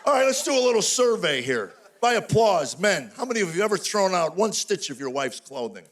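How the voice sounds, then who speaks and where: High-voiced older man doing stand-up. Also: big pitch swings, a bit bright, slight background noise. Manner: rapid-fire storytelling, exasperated punchlines. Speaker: stand-up comedian. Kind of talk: live stand-up comedy. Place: stage before a live audience.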